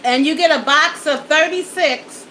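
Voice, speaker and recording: On this low-quality recording with slight background noise, a woman speaks at a measured pace in a high, bright, forceful voice. She's a mukbang vlogger at home, with a backdrop and studio lights, talking folksily to viewers while she eats.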